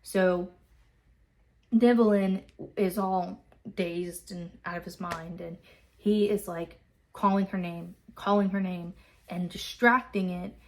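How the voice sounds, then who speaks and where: A woman's voice: lowish voice, steady tone, slow pace. A woman casually recapping a book chapter, swearing freely. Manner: loose, swearing, filler-heavy retelling. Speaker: book club host.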